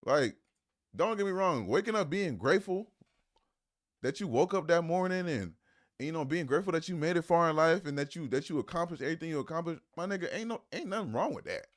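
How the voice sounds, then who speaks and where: A man's voice: a little high, expressive, fast talker. A man streaming live, reacting to a clip with profane, mocking, incredulous commentary.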